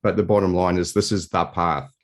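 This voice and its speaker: Deep-voiced male podcast host. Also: steady tone, a little fast. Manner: emphatic, repeats key phrases. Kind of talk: interview conversation.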